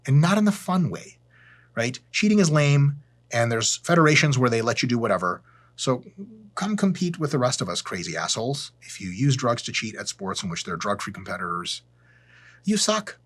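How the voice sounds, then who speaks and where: Male fitness host, blunt and profane, deadpan jokes, slightly raspy voice. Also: medium pitch, a little fast. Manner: sarcastic and blunt, swears freely; deadpan asides. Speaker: fitness educator hosting his channel. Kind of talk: profane, joking educational rant to camera.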